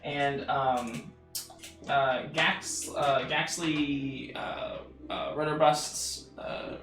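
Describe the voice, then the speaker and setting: Halting game master, roomy sound. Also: male voice, medium pitch, fairly even intonation. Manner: halting, full of fillers. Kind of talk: narrating a tabletop game. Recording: roomy room, distant mic, music behind.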